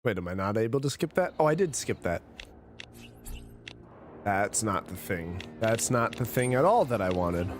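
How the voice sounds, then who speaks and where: A man's voice: fairly low pitch, sing-song, normal speed, long pauses, over music. A drunk man streaming a game, rambling, swearing and chatting with his viewers. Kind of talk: casual live-stream chat.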